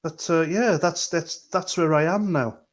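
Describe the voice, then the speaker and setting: A man's voice: on the high side, a little slow. A man hosting a livestream, talking earnestly and rambling as he reads out chat comments. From Britain. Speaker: livestream host.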